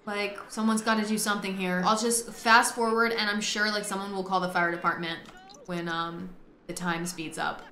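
A woman hosting a gameplay video, chatting excitably, swearing and talking to the characters on screen. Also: medium pitch, moderate pace, roomy sound, a little hiss or hum. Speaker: gaming host. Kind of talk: casual gameplay commentary.

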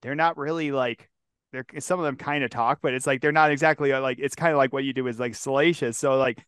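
A man's voice: mid-range voice, steady tone, quick pace, fairly bright tone, clean tone, no echo. A man hosting an interview, eager and laughing, asking rambling questions full of fillers. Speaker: interviewer host. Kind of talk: casual interview chat. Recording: dry close mic.

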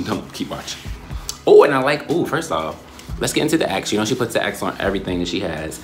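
Young man, casual vlogger, playful and slangy, very lively pitch, faint music behind. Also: fairly quick. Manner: animated, playful, slangy, breaks into squeals. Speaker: YouTuber. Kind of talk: casual vlog haul.

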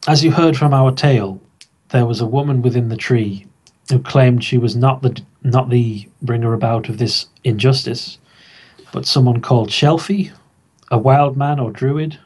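A man taking part as a player, speaking in a measured, polite way. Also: medium pitch, a little mellow, breathy edge. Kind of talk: casual in-character tabletop play.

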